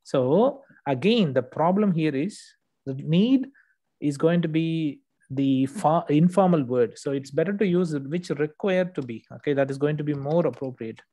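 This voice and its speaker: Patient male tutor, dark mellow tone. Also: on the high side, expressive, moderate pace. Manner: patient, explanatory, frequent "okay" checks. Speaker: English test tutor. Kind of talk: one-on-one correction lesson.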